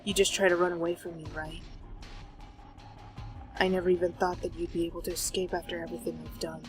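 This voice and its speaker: Give me a woman playing an obsessive, possessive young man who talks softly and menacingly over faint game music. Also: a little fast, close to an everyday voice. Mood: cold, possessive. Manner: soft, low and hushed, with calm intensity. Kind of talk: reading visual novel dialogue aloud.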